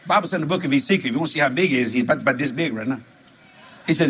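A man from New preaching a sermon full of stories, animated and laughing as he talks, jumping to high exclamations. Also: rapid-fire, slight background noise. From New Orleans.

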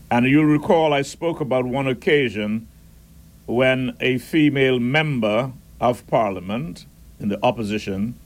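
A man hosting a radio talk show, reading listener messages and giving firm, measured opinions. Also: mid-range voice. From Caribbean.

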